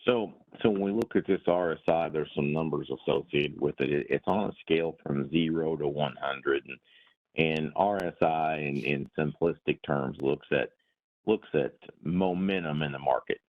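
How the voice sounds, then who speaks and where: A man's voice: very deep voice, moderate pace. A man hosting a market webinar, explaining indicators in a folksy way with sports comparisons and frequent repeated words. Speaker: meeting host. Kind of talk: webinar discussion. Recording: tinny phone-like line.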